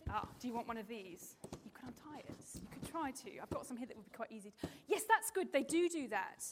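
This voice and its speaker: A woman marine biologist giving a lively, playful presentation to a live audience with children, chatty and full of ums. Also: fairly high pitch, fast talker, heavy background noise. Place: stage in front of an audience.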